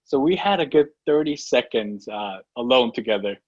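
A pastor telling a self-mocking story in a sermon, with many fillers and restarts. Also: male voice, mid-range voice, lively intonation, moderate pace, no echo. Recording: dull lo-fi recording.

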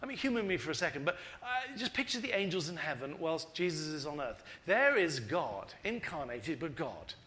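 A man's voice: fairly high pitch, normal speed, few pauses. A man preaching a sermon, telling stories with energy and acting out the people he quotes. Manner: animated storytelling, acting out quoted voices.

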